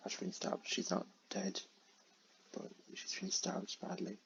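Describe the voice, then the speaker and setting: A man's voice: high voice, completely flat delivery, unhurried, gravelly, fairly bright tone, slight background noise. A man casually retelling a plot in a rambling way, full of fillers and restarts. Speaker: creator retelling his own film idea. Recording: dull lo-fi recording.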